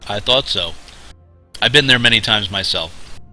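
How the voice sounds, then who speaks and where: A man voicing a wealthy, polished noble who speaks slowly and formally in a tabletop game. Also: on the low side, pushed and bright, soft background music. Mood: gracious. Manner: formal, slow and gracious. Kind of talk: tabletop role-play.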